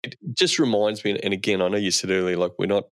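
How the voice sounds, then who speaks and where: Brief: low-voiced man as podcast host, loose rambling questions, very dry sound. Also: fast, no room sound. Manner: rambling, many restarts as he frames questions. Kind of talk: conversational podcast interview.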